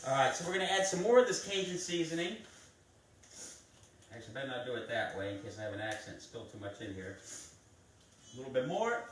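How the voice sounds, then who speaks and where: A man's voice: mid-range voice, expressive, quick pace, long pauses, noisy background. A man hosting a live cooking stream, chatting viewers through each step of a recipe in a casual way. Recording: echoey kitchen, mic at a distance.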